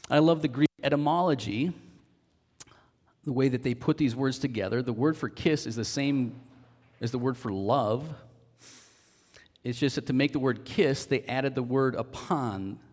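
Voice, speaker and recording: A man preaching a sermon, earnestly explaining word meanings and pressing the point with animated emphasis. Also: medium pitch, in a large hall. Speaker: pastor.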